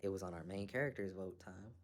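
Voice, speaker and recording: A man's voice: deep voice, quick pace. A man recapping an anime episode in a casual, slangy, profane way, laughing and acting out the characters as he goes. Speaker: anime reviewer.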